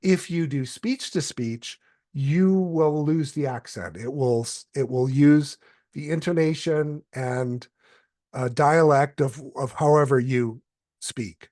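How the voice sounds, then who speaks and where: A man presenting a step-by-step software tutorial, explaining calmly with occasional fillers. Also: on the high side, slow pace, no echo, studio quality.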